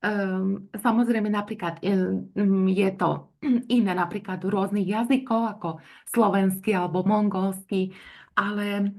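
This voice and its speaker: A woman's voice: medium pitch, steady tone, unhurried, darkish tone. A woman interpreting a talk, hesitant and often searching for words. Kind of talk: consecutive interpreting.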